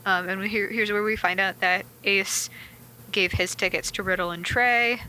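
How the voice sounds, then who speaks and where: A woman's voice: medium pitch, fairly even intonation, pushed and bright, poor audio. A woman co-hosting a podcast, summarizing the story casually. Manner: brisk plot summary with fillers. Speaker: podcast co-host. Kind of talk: casual chat. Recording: faint fan hum.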